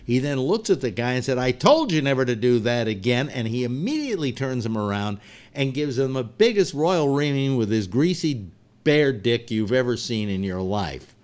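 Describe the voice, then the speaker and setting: A man with a lively, rising and falling delivery tells a long joke as host of a casual live show. He rambles and restarts, and he acts out every turn of the story with energy. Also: mid-range voice, moderate pace.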